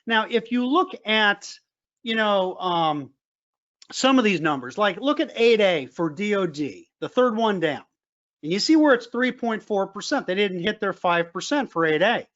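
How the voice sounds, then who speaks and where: Emphatic high-voiced male business trainer. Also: lively intonation, normal speed, a bit bright, lo-fi sound. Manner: emphatic, repeats key points, frequent fillers. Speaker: government contracting trainer.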